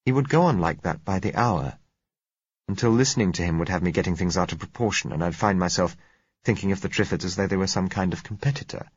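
A man with a very low voice reads a novel in a measured, reflective way. His tone is husky and dry, with no room echo. The recording has a dull, lo-fi sound. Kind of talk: audiobook narration. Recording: muffled lo-fi recording.

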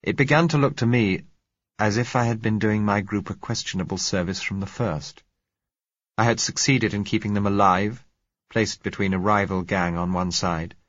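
A man narrating a novel in the first person, measured and reflective. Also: deep voice, fairly bright tone, dry recording, lo-fi sound.

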